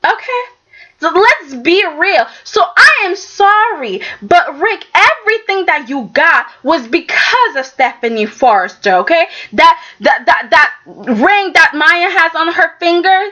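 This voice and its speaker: Emphatic high bright-voiced woman, lo-fi. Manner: emphatic, exasperated, keeps asking "okay?". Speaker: soap opera reviewer. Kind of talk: casual opinionated review. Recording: dull lo-fi sound.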